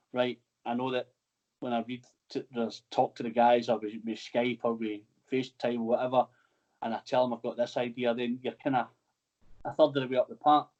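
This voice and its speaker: A man's voice: medium pitch, a little mellow, highs cut off. A man hosting a casual interview, chatty and teasing, who swears freely. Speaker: podcast host.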